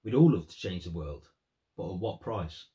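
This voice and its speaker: A man's voice: low-pitched, lively intonation, moderate pace, dark tone. A man giving earnest, thoughtful commentary on song lyrics in a vlog. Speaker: music vlogger.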